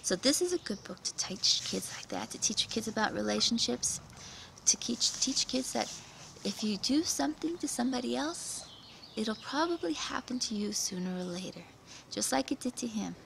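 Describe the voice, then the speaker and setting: A woman reviewing a children's book, retelling the story in an animated, dramatic way with gasps and whispers. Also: a little high, moderate pace, creaky, slight background noise, poor audio.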